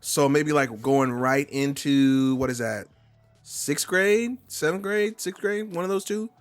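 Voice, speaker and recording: A man in his thirties co-hosting a casual gaming podcast, adding quick, wry quips. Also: a little high, no room sound, soft background music. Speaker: podcast co-host.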